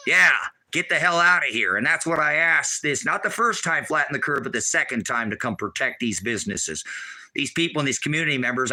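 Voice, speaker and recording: A man's voice: fairly high pitch, pushed and bright, low-quality recording. A middle-aged American man preaching off the cuff, combative and rambling, scolding his listeners. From United States.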